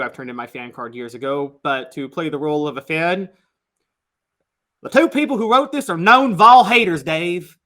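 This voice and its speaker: A man's voice: a little high, pushed and bright. A man co-hosting a sports talk show, opinionated and joking in casual chat. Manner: opinionated, laughs at his own jokes. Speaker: sports podcast co-host.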